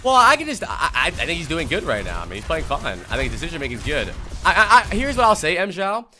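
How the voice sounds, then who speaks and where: A man's voice: fairly high pitch, wildly swooping pitch, fast talker, over music. A young man from the US East Coast reviewing gameplay on a live stream, talking to chat in a blunt, profane and casual way. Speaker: streamer and coach.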